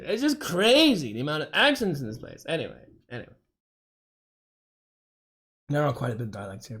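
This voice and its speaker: A man from Dorset with an English accent, chatting casually and rambling with lots of fillers while streaming a game. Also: medium pitch. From England, Dorset. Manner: rambling, chatty, self-interrupting with many fillers.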